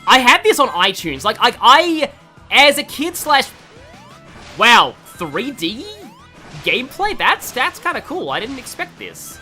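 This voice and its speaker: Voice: mid-range voice, very animated, measured pace, bright, forceful tone, soft background music. A streamer with an Australian accent giving rambling, casual commentary while playing a game, with many restarts and fillers. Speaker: gaming streamer. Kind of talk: casual let's-play commentary.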